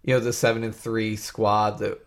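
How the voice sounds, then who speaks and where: A man's voice: fairly low pitch, level tone, moderate pace. A man co-hosting a sports talk show, speaking casually with many fillers and easy laughs. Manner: hesitant, filler-heavy, laughs easily.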